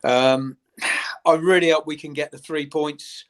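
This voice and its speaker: A man's voice: a little high, fairly even intonation, unhurried. A man giving earnest, plain-spoken thoughts as a guest pundit on a live fan show.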